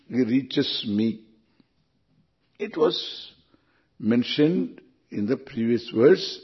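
Slow-talking Indian man teaching scripture. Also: mid-range voice, lively intonation, slightly rough, highs cut off. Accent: Indian English. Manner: unhurried, chuckling, chants Sanskrit verses. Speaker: spiritual teacher. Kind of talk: scripture lecture.

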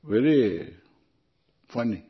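A man with an Indian English accent giving an unhurried, chuckling lecture on scripture, chanting Sanskrit verses. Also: medium pitch, expressive, slightly rough, muffled recording. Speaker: spiritual teacher.

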